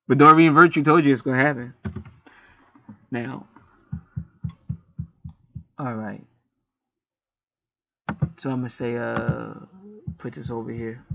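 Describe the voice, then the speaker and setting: Bright-voiced man rambling through a chart reading. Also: medium pitch, fairly even intonation, takes it slowly, vocal fry, long pauses, no echo. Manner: rambling, profane, joking. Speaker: astrology reader. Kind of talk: casual monologue reading a natal chart. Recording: slightly muffled lo-fi recording.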